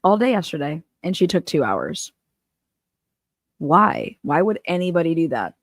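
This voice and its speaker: A woman's voice: deep voice, very animated, moderate pace, dry recording, studio quality. A woman hosting a livestream, ranting about a trial in blunt, sarcastic, heavily profane casual commentary.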